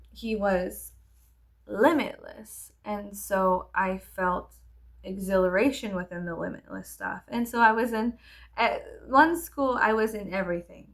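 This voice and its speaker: A woman's voice: mid-range voice, vocal fry, fairly bright tone. A woman vlogger telling a candid, rambling story in casual get-ready-with-me chat, swearing freely.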